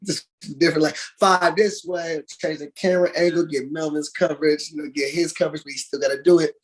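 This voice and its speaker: A man, an actor guest in a casual interview, telling lively stories, acting out quotes and laughing often. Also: fairly high pitch, a little fast. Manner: animated storyteller, acts out quotes, laughs often.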